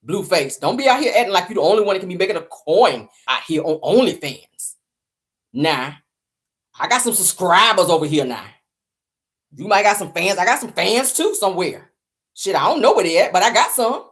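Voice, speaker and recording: A middle-aged woman hosting a solo livestream, her pitch swinging wildly from low mutters to high squeals. She talks loud and playful in casual slang, laughing between lines and repeating phrases for effect. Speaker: show host. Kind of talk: animated solo livestream commentary.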